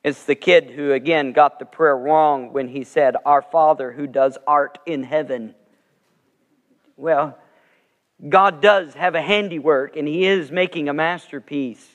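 A man with a fairly high voice preaching in a church, earnest and story-driven, rising in force at key points. His voice rings out with the long reverb of a large sanctuary. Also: lo-fi sound. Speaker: pastor. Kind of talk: sermon.

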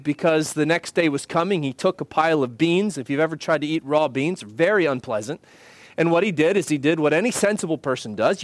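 High-voiced man preaching a sermon. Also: no room sound. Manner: earnest, measured preaching with emphatic slowed phrases. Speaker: pastor. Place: church.

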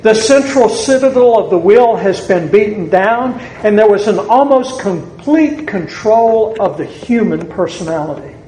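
A man with a Southern US accent preaching a sermon to a congregation in a church, deliberate and building to emphatic peaks. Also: high voice, lively intonation, warm tone, slight background noise. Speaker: pastor. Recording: echoey church room with faint ambience.

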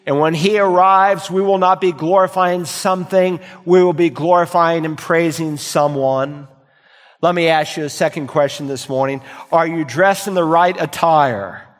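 A male pastor preaching a sermon, swinging from loud emphatic lines to quiet, low asides. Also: long reverb tail.

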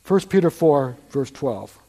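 A man's voice: mid-range voice, animated, a little slow, background noise. An older man preaching a sermon to a congregation in a conversational way, repeating phrases and asking the listeners questions.

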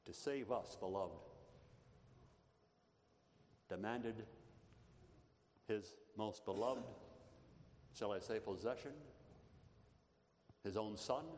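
A man's voice: fairly low pitch, takes it slowly, long pauses, darkish tone. A man preaching a sermon earnestly, building to emphatic peaks and often addressing the congregation as beloved. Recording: echoey hall, faint background noise.

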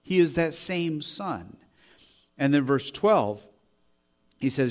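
A man preaching a sermon, earnest, restarting phrases, growing loud as he reads scripture aloud. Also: fairly high pitch, animated, takes it slowly. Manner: earnest, repeats words when restarting, rises to loud when reading scripture.

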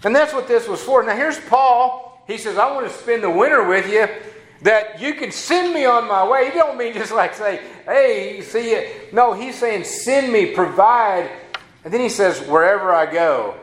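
A man with a drawl preaches in a loose, folksy way, tossing in casual asides. His voice sits a little high for a man. The sound carries a noticeable room echo. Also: animated, moderate pace, fairly bright tone. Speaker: pastor. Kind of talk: sermon. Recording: echoey room.

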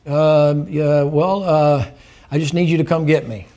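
A man's voice: a little high, steady tone, a little slow, mellow. An older man preaching a sermon, telling a folksy story, laughing and acting out the dialogue.

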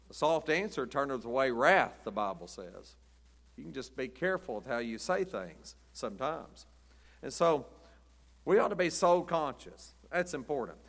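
A man's voice: mid-range voice, fairly bright tone. A middle-aged man preaching a chatty sermon, telling rambling stories and laughing at his own jokes. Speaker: pastor. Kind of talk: folksy storytelling sermon.

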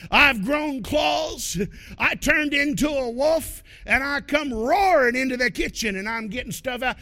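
A male pastor delivers his sermon as a folksy, animated story. His voice sits very high for a man, bright and sharp, and swings widely, with shouted bursts for emphasis.

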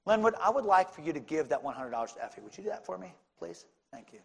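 A male pastor preaching a sermon, swinging from casual talk with the congregation to fervent shouting. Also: a little high, big pitch swings, fast talker, slightly rough. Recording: long hall reverb.

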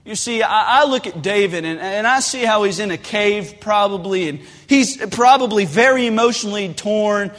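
A man preaching a sermon in a church, telling folksy stories with lively asides. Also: sits high, normal speed, hardly any pauses. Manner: animated storytelling with folksy asides. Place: church sanctuary. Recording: long hall reverb.

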